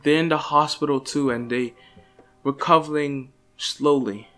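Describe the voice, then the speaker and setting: A man's voice: a little high, fairly even intonation, measured pace, a bit bright, soft background music. A man voicing a kind, worried teenage girl in a casually told fan story. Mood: caring.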